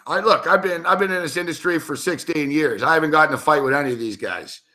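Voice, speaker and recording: A man's voice: on the high side, quick pace, sharp tone. A man on a sports betting show telling a heated story in casual, profanity-heavy talk.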